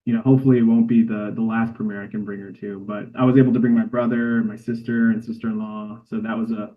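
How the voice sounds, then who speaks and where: A man's voice: on the low side, little pitch movement, fast talker. A man, a cinematographer guest, telling a heartfelt story in a casual interview. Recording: tinny phone-like line.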